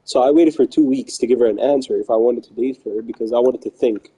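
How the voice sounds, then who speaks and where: A man's voice: medium pitch, fast talker, mellow, breathy edge, rough recording. A man streaming live who tells a long personal story in a rambling, slangy way, quoting what others said and repeating himself.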